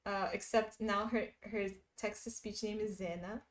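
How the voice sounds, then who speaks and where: A woman's voice: mid-range voice, steady tone, moderate pace. A young woman livestreaming, chatting casually and reading viewers' messages aloud while she stitches, laughing often. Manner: giggly, chatty, reads chat messages aloud.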